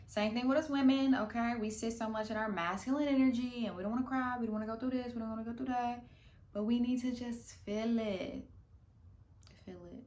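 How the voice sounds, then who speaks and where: A woman vlogger giving casual, playful meditation advice, full of slang, swinging from lively bursts to soft murmurs. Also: mid-range voice, creaky, a little hiss or hum. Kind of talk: casual instructional talk. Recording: roomy room echo.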